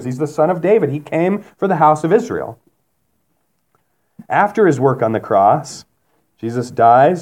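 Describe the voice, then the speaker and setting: A man's voice: fairly high pitch, darkish tone. A man preaching a sermon in a conversational way, asking the congregation questions and acting out the voices he quotes. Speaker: pastor.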